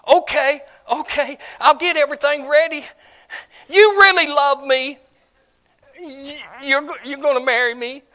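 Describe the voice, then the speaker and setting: A man's voice: high-pitched, measured pace, vocal fry, pauses often, fairly bright tone, voice pushed up, exaggerated voice. A man voicing a young lovestruck shepherdess bride, breathless and gushing. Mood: excited.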